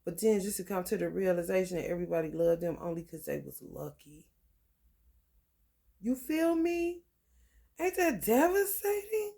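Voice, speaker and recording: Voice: medium pitch, sing-song, moderate pace, gravelly, long pauses, dark tone. An astrology channel host giving a casual reading, reading passages aloud and breaking off into slangy, profane side comments.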